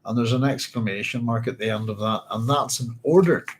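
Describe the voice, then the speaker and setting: A man's voice: medium pitch, fairly quick, a little hiss or hum, poor audio. A man hosting a book club at home, reading a novel aloud and musing over it in a rambling, self-correcting way.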